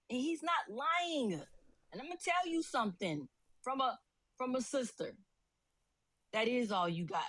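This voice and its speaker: A woman guest speaks with passion and a preachy edge, urging her listeners on. Her voice is high, and the sound is dry and close with no room in it. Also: sing-song, normal speed, fairly bright tone, no echo. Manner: preachy, impassioned, calls people brother. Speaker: guest commentator. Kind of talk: impassioned commentary.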